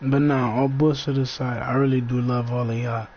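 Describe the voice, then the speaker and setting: A man's voice: medium pitch, little pitch movement, moderate pace. A man in a casual rambling monologue, laid-back and slangy, talking in loose fragments. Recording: dull lo-fi sound with faint background noise.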